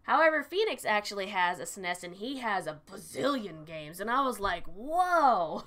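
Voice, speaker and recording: A woman's voice: medium pitch, expressive, normal speed, fairly bright tone. A young adult woman chatting casually on a live stream, telling stories animatedly, swearing freely and answering chat.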